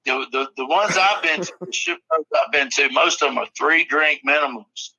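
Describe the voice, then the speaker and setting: A man's voice: on the high side, moderate pace, sharp tone, no echo, poor audio. A man in a casual podcast chat, telling rambling stories full of swearing. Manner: profane, rambling storyteller. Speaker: podcast guest or co-host.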